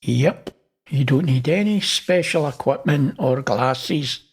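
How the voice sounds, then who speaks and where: A man's voice: a little high, lively intonation, takes it slowly, husky. A man hosting, casually talking through images and pointing things out. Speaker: host. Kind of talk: casual narration over images.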